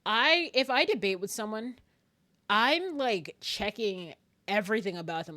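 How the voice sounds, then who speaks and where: Giggly, animated woman streamer. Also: mid-range voice, unhurried. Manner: animated and giggly, frequent laughter; self-described very nervous, rambling with restarts. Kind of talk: casual live-stream chat.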